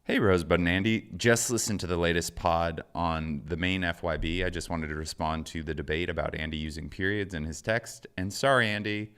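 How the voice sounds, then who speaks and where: A man co-hosting a podcast in casual comedic chat, deadpan and teasing, reading listener emails aloud. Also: low voice, a little fast, few pauses, clean tone. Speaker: podcast co-host.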